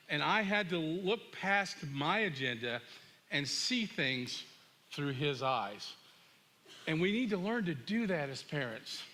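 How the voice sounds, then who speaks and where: Middle-aged male pastor, animated sermon storyteller, bright and high-pitched. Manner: animated storyteller, acts out dialogue.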